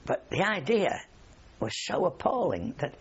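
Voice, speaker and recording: A man's voice: fairly high pitch, big pitch swings, a little slow, highs cut off, slight background noise. An older man, a war veteran, telling rambling anecdotes in an oral history interview and chuckling often.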